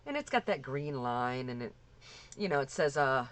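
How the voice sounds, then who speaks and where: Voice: medium pitch, sing-song, moderate pace. Heated, profane vlogger rant. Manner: profane, heated, repeats and restarts. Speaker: scam victim vlogger. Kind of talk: angry rant to camera.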